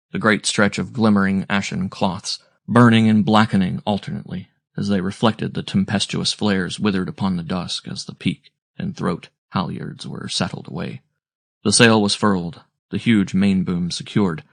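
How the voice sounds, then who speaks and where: A man narrating a classic sea story aloud in a measured, descriptive storytelling manner. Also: low voice, vocal fry, no room sound, studio quality. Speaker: audiobook narrator.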